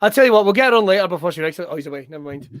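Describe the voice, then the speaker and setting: Excitable sweary Scottish host, high voice. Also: male voice, very fast, no room sound, clean studio sound. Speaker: podcast host. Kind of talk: casual chat.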